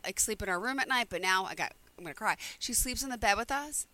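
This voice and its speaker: Middle-aged woman guest, effusive and rambling, bright voice. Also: a little high, fast talker, no echo, low-quality recording. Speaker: interview guest. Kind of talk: casual interview chat.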